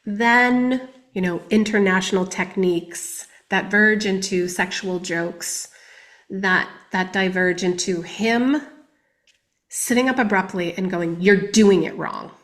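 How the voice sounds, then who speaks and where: Candid woman speaking softly and reflectively. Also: mid-range voice, slow. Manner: candid and reflective, often dropping to a soft, quiet voice. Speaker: guest. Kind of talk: personal testimony in a podcast interview.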